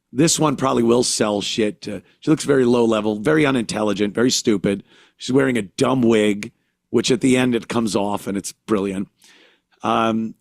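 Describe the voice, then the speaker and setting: A man's voice: medium pitch, creaky, dry recording, clean studio sound. An older man hosting a show, delivering a blunt, profane, opinionated commentary monologue. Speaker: podcast host.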